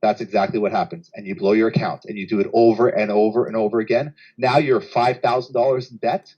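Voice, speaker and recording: Man, livestream host, casual chat, animated storytelling, acts out voices, dull lo-fi audio. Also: on the low side, quick pace, husky.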